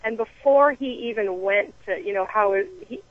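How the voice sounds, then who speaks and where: Woman telling an animated story. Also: mid-range voice, moderate pace, no echo, phone-quality sound. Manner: animated storytelling with many restarts and acted-out quotes. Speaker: guest runner.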